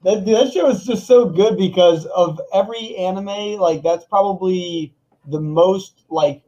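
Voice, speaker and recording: A man's voice: high-pitched, measured pace, dark tone, dull audio. A young man chatting enthusiastically as a podcast co-host, loose and full of slang. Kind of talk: casual chat.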